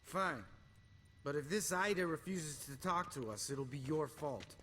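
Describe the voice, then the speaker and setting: Brash, mocking monster hunter. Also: male voice, fairly high pitch, expressive, unhurried, pushed and bright, a little hiss or hum. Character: sarcastic, crude male monster hunter, joking. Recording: game music under voice.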